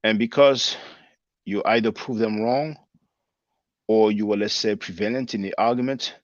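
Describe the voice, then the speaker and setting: Low-voiced man reading chat comments. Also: dry recording, dull audio. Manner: conversational, spells words out, laughs at comments. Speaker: channel host reading live chat.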